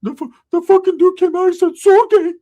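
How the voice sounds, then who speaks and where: A man voicing a scared, whiny young male cousin who talks in a squeaky, breathless panic. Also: fairly even intonation, a little fast, warm tone.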